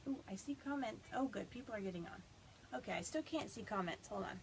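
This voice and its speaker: A woman's voice: mid-range voice, expressive, fairly quick, a little hiss or hum, poor audio. A woman chatting casually on a phone live stream from her home, rambling and fighting back tears. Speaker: direct sales consultant. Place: home on a small farm.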